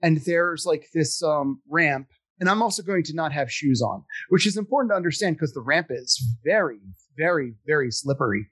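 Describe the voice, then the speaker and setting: A man's voice: a little high, moderate pace, few pauses. Chatty man rambling through a story. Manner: rambling, animated, self-deprecating, with many fillers. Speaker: podcast guest telling stories. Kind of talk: casual storytelling chat.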